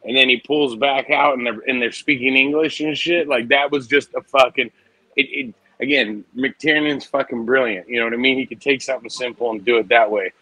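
A man's voice: mid-range voice, fairly even intonation, fairly quick, bright, forceful tone, breathy edge, dry recording, low-quality recording. A man co-hosting a casual movie podcast, talking in a rambling, profane, enthusiastic way. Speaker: podcast co-host.

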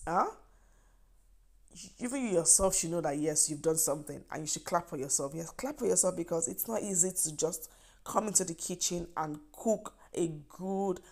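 A woman's voice: low-pitched, darkish tone. A woman with a Nigerian accent walks viewers through a recipe in a chatty, encouraging way, often stressing her points with "yes" and "trust me". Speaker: cooking vlogger. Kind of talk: cooking demonstration.

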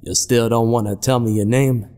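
A man voicing a gruff, impatient police captain who talks bluntly and demandingly. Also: medium pitch, steady tone, moderate pace, a little mellow, natural voice. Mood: pressing. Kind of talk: horror story narration voice acting.

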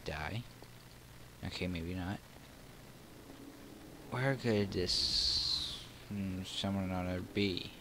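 Slow-talking Southern man gaming. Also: noisy background. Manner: excitable, frustrated outbursts between low mutters. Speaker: gaming channel host. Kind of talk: let's play commentary.

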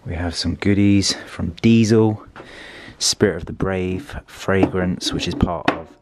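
A man's voice: deep voice, unhurried, very noisy. Chatty young guy touring a hotel room. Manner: chatty, upbeat, relaxed. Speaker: vlogger. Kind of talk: casual vlog hotel tour.

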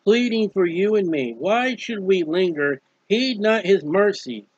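A man's voice: sits high, expressive, unhurried, husky, no echo, dull audio. A man preaching about a hymn in an earnest, pleading way, repeating phrases as he urges listeners toward faith. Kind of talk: sermon-style hymn commentary.

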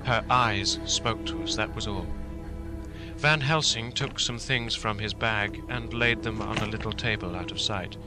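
A man narrating a classic novel as an audiobook in a steady, dramatic storytelling manner. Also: lowish voice, measured pace, low-quality recording. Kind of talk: scripted narration. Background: faint film music.

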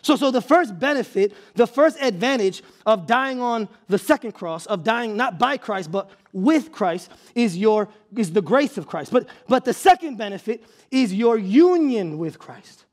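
A man preaching an impassioned sermon as a pastor, often shouting for emphasis and repeating words as he restarts phrases. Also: high voice, expressive, a little slow, hardly any pauses.

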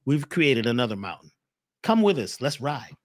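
A man's voice: mid-range voice, big pitch swings, moderate pace, no echo, studio quality. A man talking in a passionate, preacherly way in a casual chat. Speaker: guest speaker.

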